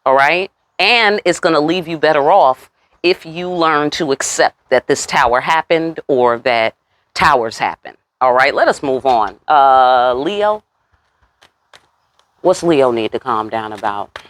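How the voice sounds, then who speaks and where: A woman giving a casual tarot reading. She talks straight to the viewer with a lot of attitude and cursing, and jumps up in pitch on her rhetorical questions. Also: lively intonation, a little slow. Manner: sassy, talks straight to viewers, curses freely. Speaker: tarot reader.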